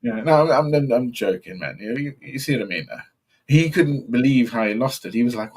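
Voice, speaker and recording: Animated man telling stories. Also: mid-range voice, brisk, breathy edge. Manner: animated storyteller, acts out voices. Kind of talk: casual chat.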